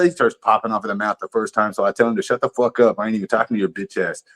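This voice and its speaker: A man's voice: fairly low pitch, fast. Dude on his livestream telling a story, swears constantly, rambles, keeps restarting his sentences. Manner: profane, rambling, animated with frequent restarts.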